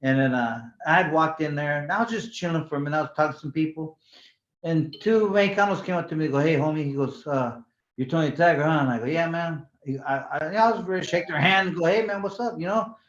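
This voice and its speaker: A man's voice: a little high, fast, a bit bright. Talkative sixty-year-old man, echoey lo-fi recording. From California. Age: 60s. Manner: rambling, repeats words, drops into Spanish slang. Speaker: guest, former boxing champion. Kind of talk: casual storytelling interview. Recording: echoey room, dull lo-fi sound.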